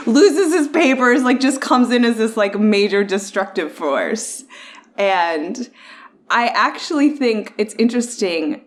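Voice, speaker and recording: A young adult woman hosting a casual podcast chat, playfully contrarian and full of "like" fillers. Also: medium pitch. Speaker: podcast host.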